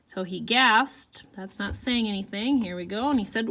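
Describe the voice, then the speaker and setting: A woman's voice: mid-range voice, moderate pace, bright, forceful tone. A woman teacher giving a writing lesson, reading example sentences aloud and talking through her writing step by step. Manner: reads quoted lines in a lifted voice.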